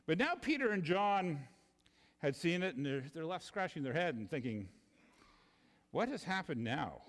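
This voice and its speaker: Man preaching in a reverberant church. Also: moderate pace. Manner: expressive, dropping low and soft for emphasis, repeating words. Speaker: pastor. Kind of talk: sermon.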